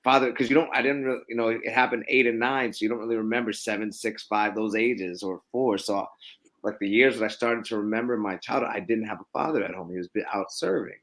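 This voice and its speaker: A man's voice: fairly low pitch, fast talker, a bit bright. A middle-aged man in a casual podcast conversation, telling stories reflectively with many restarts.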